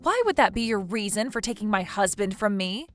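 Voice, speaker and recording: A woman's voice: medium pitch, lively intonation, brisk, soft background music, natural voice. A woman voicing a betrayed wife who confronts her cheating friend, accusing and indignant. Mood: hurt. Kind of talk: text message story dialogue.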